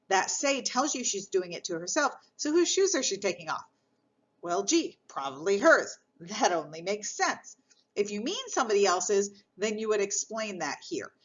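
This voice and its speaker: A woman's voice: mid-range voice, fairly bright tone. Woman teaching a lesson, lo-fi sound. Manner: patient, step-by-step explaining. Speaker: Spanish teacher. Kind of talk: recorded lesson explaining grammar.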